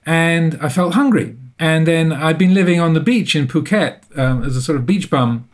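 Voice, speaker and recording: A man telling a personal story as an interview guest, thoughtful and self-deprecating, often pausing to rephrase. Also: a little high. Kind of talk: reflective storytelling.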